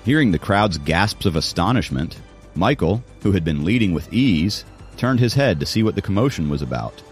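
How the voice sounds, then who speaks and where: A man's voice: low voice, very animated, normal speed, soft background music. A man narrating an audiobook in a dramatic storytelling manner. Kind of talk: scripted narration.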